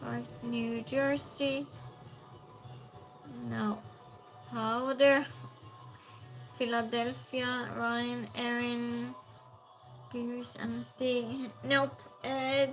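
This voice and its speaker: High bright-voiced woman trivia host. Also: steady tone, extremely slow, pauses often, soft background music. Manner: reads questions aloud, chats with viewers, sometimes loud. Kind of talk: casual live-stream trivia hosting.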